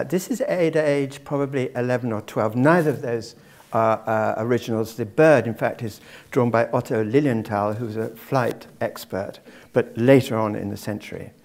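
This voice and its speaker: A man's voice: medium pitch, darkish tone. A man giving a public lecture to a live audience, discursive and dropping wry asides.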